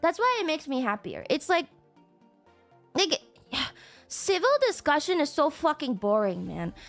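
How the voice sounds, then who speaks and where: A woman's voice: sits high, very animated, a little slow, vocal fry, fairly bright tone, faint music behind. A woman streaming live, reading out chat messages and ranting back at them, swearing and throwing mock tantrums. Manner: reads out and reacts to chat messages. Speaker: VTuber streamer.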